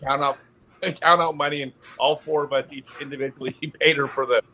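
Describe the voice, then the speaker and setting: Bright-voiced man telling a story. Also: medium pitch, a little fast, a little hiss or hum. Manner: animated storyteller, laughs mid-sentence. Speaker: podcast guest. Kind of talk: casual chat, anecdote telling.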